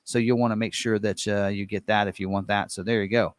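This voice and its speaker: A man's voice: fairly low pitch, level tone, brisk, no room sound, studio quality. Man casually walking through truck options. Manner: loose and conversational, many fillers and self-corrections. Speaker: truck ordering guide presenter. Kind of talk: casual walkthrough of an online configurator.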